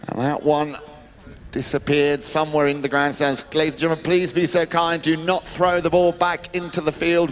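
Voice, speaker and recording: High, bright-voiced excitable polo commentator. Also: male voice. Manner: excitable, chatty, shouts at big plays. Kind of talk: live sports commentary over a PA. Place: outdoor snow polo ground.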